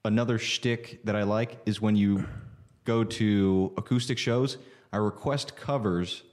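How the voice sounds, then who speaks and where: A man's voice: lowish voice, fairly even intonation, unhurried. A man on a podcast, talking in casual banter with dry, offhand humor. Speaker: podcast co-host.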